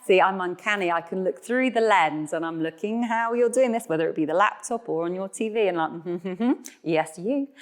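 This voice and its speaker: A woman teaching an online Pilates class, cueing breath and counting reps with encouraging, chatty explanations. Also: fairly low pitch. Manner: playful asides to viewers. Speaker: Pilates instructor. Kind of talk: guided online exercise class.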